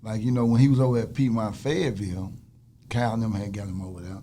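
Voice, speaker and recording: A man's voice: lowish voice, fairly even intonation, fast, mellow. A middle-aged man in casual conversation, retelling a story in a laid-back way with quoted dialogue.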